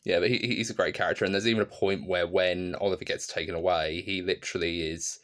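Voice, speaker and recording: A man with a very low voice talks through a film in a casual vlog review. He rambles enthusiastically, circling back and losing his train of thought. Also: fairly even intonation, quick pace, a bit bright. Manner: rambling, enthusiastic, many fillers.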